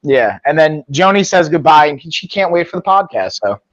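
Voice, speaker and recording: High-voiced male co-host, dull lo-fi sound. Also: sing-song, normal speed, a crowd in the background. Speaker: co-host and coach. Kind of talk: casual stream sign-off chat.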